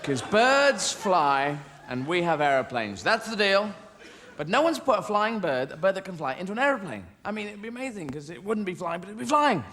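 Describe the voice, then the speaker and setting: A man's voice: high-pitched, very animated, fairly quick, crowd noise. A man performing stand-up comedy in a rambling, whimsical way, often breaking off and interrupting himself. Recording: loud background noise.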